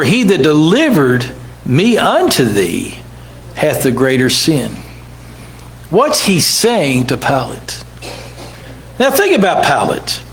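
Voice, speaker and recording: A man's voice: high-pitched, slight background noise, poor audio. A man preaching a sermon in church, dramatically acting out the people in the scripture stories. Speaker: pastor.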